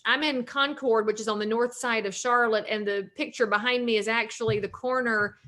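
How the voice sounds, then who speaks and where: Southern woman, 40s, realtor guest, chatty and joking, a bit high-pitched. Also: fairly even intonation, brisk, sharp tone. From North Carolina, US. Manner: talkative, joking, upbeat. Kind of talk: casual interview chat.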